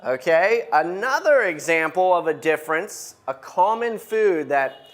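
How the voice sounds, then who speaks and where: A woman teaching an English class, modelling words slowly and clearly for her students. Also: fairly low pitch, big pitch swings. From United States. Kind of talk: classroom lesson.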